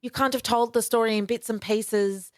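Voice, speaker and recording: A woman's voice: on the high side, fairly even intonation, normal speed, no room sound, clean studio sound. A woman co-hosting a podcast who reacts sympathetically and apologises earnestly in casual chat. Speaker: podcast co-host.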